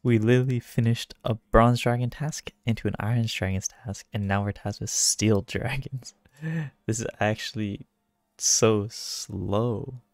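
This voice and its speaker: A man chatting casually through his own gameplay, self-mocking and quick to get excited. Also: on the low side, dry recording. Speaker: gaming video creator. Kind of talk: casual game commentary.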